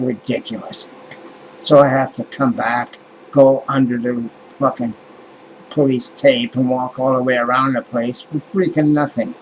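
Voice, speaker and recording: In a casual vlog monologue, a man with a mid-range voice rambles aloud, swearing and exasperated as he grumbles about things that irritate him. The recording is rough, with a little hiss or hum.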